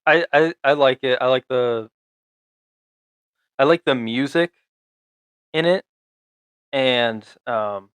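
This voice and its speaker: A young man co-hosting a podcast, recapping a show in a halting, rambling way full of fillers and restarts. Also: mid-range voice, fairly bright tone, clean tone, no room sound. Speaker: podcast co-host.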